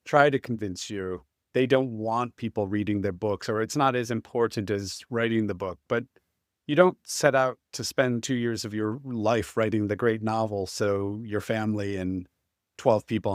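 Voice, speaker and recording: A man's voice: on the low side, normal speed, no echo, clean studio sound. A man hosting an interview, talking earnestly and with firm opinions. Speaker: podcast host. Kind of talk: casual interview conversation.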